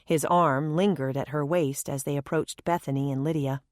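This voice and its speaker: A woman reads a novel aloud in a measured, gentle storytelling manner. Her voice sits on the low side. The close studio mic gives a dry, roomless sound. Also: fairly even intonation, dry recording. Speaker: audiobook narrator. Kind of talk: scripted narration.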